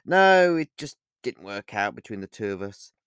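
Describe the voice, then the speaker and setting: A man reading an audiobook, playing a smiling, pushy young man who is hiding something, with a bright, falsely cheerful manner. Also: fairly low pitch, very animated, normal speed, smooth, dry recording, studio quality. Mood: flustered.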